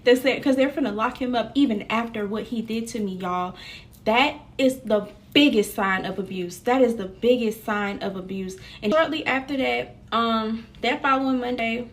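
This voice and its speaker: A woman's voice: fairly high pitch, moderate pace. A young woman telling a personal story to her viewers in a candid, slangy, casual way.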